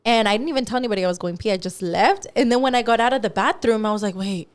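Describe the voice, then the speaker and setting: Animated young woman telling a story. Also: a little high, rapid-fire, smooth. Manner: animated, swears a lot, slips into Spanish. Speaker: podcast co-host. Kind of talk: casual chat, storytelling.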